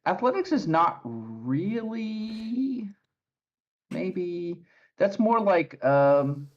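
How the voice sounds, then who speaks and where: A man narrating as game master for a tabletop game, relaxed and halting with many fillers. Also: high voice, lo-fi sound.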